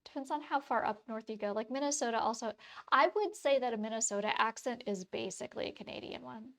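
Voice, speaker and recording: A woman in her thirties talks casually to her live-stream audience while she draws, with a faint Wisconsin accent still showing through. Her voice sits a little on the high side. She rambles and circles back, filling pauses with "like" and "you know.". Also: fairly bright tone. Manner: rambling, many fillers and restarts. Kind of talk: casual chat with chat while drawing.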